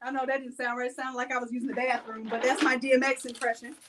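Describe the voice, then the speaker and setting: High-pitched playful woman teaching live. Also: little pitch movement, quick pace, noisy background. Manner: playful, chatty, joking with viewers. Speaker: design and printing instructor. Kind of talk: live hands-on demo class.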